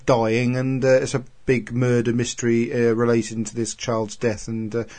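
A man's voice: mid-range voice, monotone, moderate pace, darkish tone. A man hosting a casual podcast chat, talking in a rambling, hesitant way. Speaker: podcast host.

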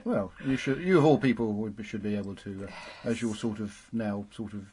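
A man's voice: fairly low pitch, normal speed, darkish tone, a little hiss or hum. A man hosting a podcast in casual chat, joking and chuckling with his co-host. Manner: jokey, chuckling.

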